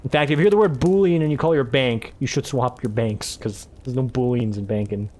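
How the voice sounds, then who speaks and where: A man's voice: mid-range voice, fairly quick, a little mellow. A man casually commentating his own game playthrough, rambling, tripping over his words and swearing offhandedly. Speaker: let's play host.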